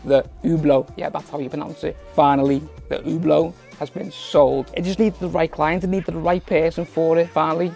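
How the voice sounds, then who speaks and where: Man, gravelly voice, higher pitch, chatty, faint music behind. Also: level tone, moderate pace, hardly any pauses, a little mellow. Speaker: watch dealer. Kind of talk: casual vlog chat.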